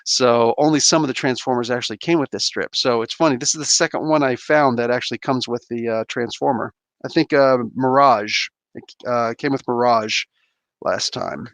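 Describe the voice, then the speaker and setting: A man's voice: medium pitch, normal speed, no echo. A man hosting a casual livestream, chatting while he unboxes a toy and grumbling at the packaging. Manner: animated, frustrated outbursts at packaging. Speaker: host.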